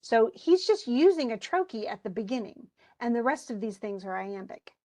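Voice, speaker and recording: Lady teacher on a video call, kinda high voice, chatty, keeps guessing what students think. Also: sing-song, normal speed, dark tone. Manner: chatty, explains with asides and imagined student replies. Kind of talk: online class lecture.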